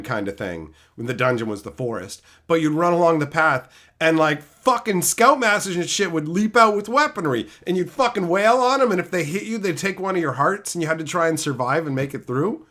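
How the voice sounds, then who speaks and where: A man's voice: on the high side, brisk. A man in his thirties, live-streaming and chatting with viewers by name, ranting with lots of profanity. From Canada. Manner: animated, profane ranting, answering chat by name.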